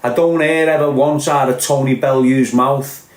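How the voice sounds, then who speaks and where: A man with a Liverpool accent rants on a podcast, blunt and sweary, his voice at an ordinary mid pitch. The room around him is echoey and hard. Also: fairly even intonation, normal speed. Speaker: podcast host. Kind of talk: ranting podcast monologue.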